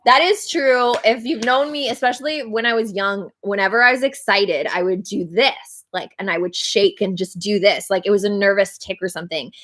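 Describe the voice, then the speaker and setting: A woman's voice: mid-range voice, normal speed, hardly any pauses, fairly bright tone. Bubbly woman chatting with lots of laughs. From Canada. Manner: bubbly, laughs often, fillers like "like". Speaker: band singer and livestream co-host. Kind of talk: casual livestream chat.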